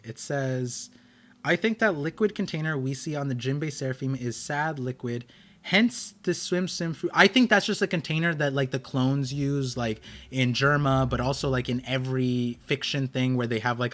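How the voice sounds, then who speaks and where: A man's voice: medium pitch, normal speed, a bit bright. A man hosting a live stream, telling a rambling story in casual chat with many restarts. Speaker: streamer host.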